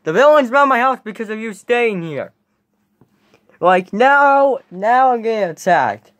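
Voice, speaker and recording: An excitable voice running a homemade toy comedy skit, blurting out lines and breaking into shouts. The pitch swings around a lot, while the pace stays unhurried. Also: dry recording. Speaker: creator and narrator of a toy skit.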